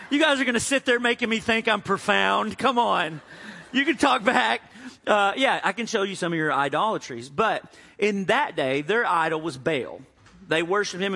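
A man preaching a sermon as pastor, an animated storyteller who jokes and acts out the quotes. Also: sits high, in a large hall.

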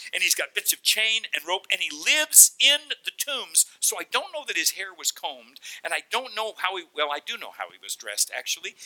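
Male preacher, animated storyteller, wide swinging pitch. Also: poor audio. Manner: animated storyteller, acts out voices. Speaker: pastor. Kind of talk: sermon.

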